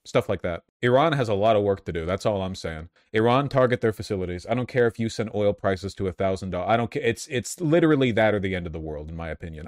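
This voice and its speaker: Sardonic male streamer, swears freely, fairly low voice, dry close sound. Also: expressive, quick pace, hardly any pauses, a little mellow, no room sound. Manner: profane, sardonic, blunt. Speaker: political streamer. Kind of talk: casual political commentary.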